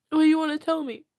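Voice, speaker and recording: A young woman livestreamer crying as she talks, apologizing and answering her chat in halting bursts. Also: high-pitched, darkish tone.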